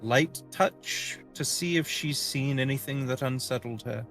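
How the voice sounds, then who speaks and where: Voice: medium pitch, measured pace, a bit bright, faint music behind. A player in a tabletop game, speaking formally and courteously.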